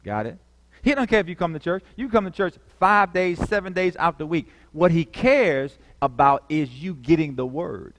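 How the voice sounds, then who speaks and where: A man's voice: on the high side, moderate pace, a bit bright. A man preaching a sermon, repeating key words and calling for answers from the congregation. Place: church. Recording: long reverb of a church hall.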